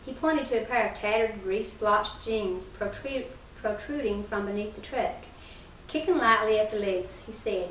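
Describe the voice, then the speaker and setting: A woman reading a humorous first-person short story aloud in a measured storytelling delivery, with a few small slips. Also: mid-range voice. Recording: roomy distant early-1990s recording with faint hiss.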